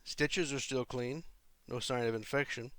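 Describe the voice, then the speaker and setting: A man voicing a thin, calm male doctor with a French accent who speaks softly and clinically. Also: mid-range voice, a little slow, no room sound, lightly acted. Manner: soft-spoken, calm, clinical.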